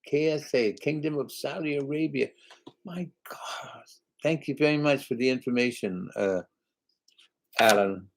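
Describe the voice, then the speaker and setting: An older man casually chatting live and reading out viewer comments, halting and rambling, with frequent "uh" and "you know" and light chuckles. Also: mid-range voice, creaky, low-quality recording. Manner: chuckles often. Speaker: singer hosting a live chat.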